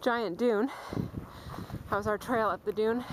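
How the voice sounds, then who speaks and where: This is a casual hiking vlog: a woman with a slightly high voice speaks a little slowly, out of breath, chatting and calling her dogs along a forest and dune trail. Steady background noise runs through the outdoor camcorder recording from a handheld mic.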